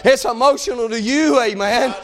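A man delivers a fervent sermon in a very high voice. He moves between shouted pleading and low, quiet talk. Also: moderate pace. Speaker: preacher.

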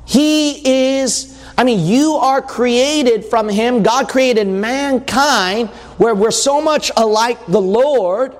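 A male preacher with a high voice delivers a sermon in a conversational style. He reads scripture passages aloud and keeps asking the congregation questions. A long reverb trails his words through the hall. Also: slow, hardly any pauses.

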